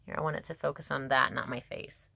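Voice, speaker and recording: A woman's voice: very deep voice, steady tone, quick pace, vocal fry, bright, forceful tone, dry recording. A woman giving a casual tarot reading to camera outdoors, gushing and emotional, laughing and musing aloud to herself. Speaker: tarot reader.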